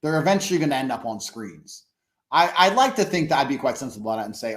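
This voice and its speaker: A man as a podcast guest in casual conversation, blunt, profane and boastful, slowing down to stress points. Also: medium pitch, sing-song, a bit bright.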